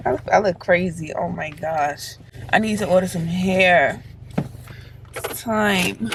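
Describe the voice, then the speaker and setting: A woman's voice: lowish voice, animated, slow pace, long pauses. A young woman in her twenties chatting casually to viewers in a vlog while running errands, filming on a handheld camera. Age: 20s. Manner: chatty, addresses viewers as y'all. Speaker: vlogger. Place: out running errands, car and stores. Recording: camera audio with clear background noise.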